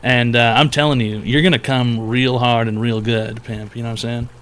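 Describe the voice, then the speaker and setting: A man's voice: medium pitch, fairly even intonation, moderate pace, a bit bright, slight background noise. A man hosting a crude call-in advice stream, talking in a brash, mock-serious way. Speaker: advice show host.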